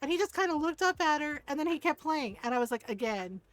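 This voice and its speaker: A middle-aged woman streamer telling a story in casual chat as she plays a game, animated and laughing often. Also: high voice, quick pace, dry recording.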